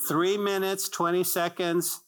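A man's voice: fairly high pitch, a bit bright. A male pastor preaching a sermon in a church, emphatic and repetitive, with rhetorical questions and joking asides to the congregation. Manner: conversational asides and jokes to the congregation.

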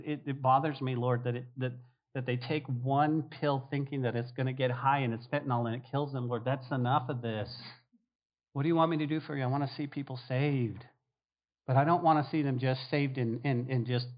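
A man preaching a lively sermon, acting out prayers and the disciples' replies in different voices. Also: mid-range voice. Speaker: pastor. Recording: dull lo-fi sound.

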